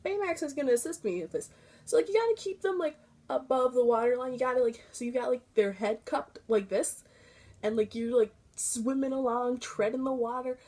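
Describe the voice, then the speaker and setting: This young female vlogger tells a story in a casual, animated way, cursing freely. Her pace is brisk, and her voice climbs high whenever she gets excited.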